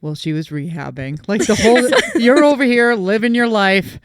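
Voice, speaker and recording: A woman's voice: medium pitch, lively intonation, moderate pace, dry recording, studio quality. Playful woman hosting a dog-training podcast. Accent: New England American. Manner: playful, laughing, teasing the guests. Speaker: podcast host. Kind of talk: casual interview chat.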